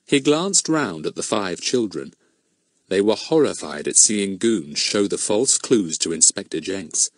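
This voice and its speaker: A man's voice: low voice, animated, a little slow, no echo, studio quality. A man reading a children's mystery audiobook aloud, narrating expressively and giving each character a voice.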